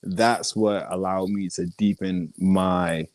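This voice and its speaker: A young man, talking in a fairly low voice. He tells stories in a casual interview and acts out the people he quotes, swearing freely as he goes. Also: fairly even intonation, slow pace, a little mellow, no room sound. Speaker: guest artist and actor.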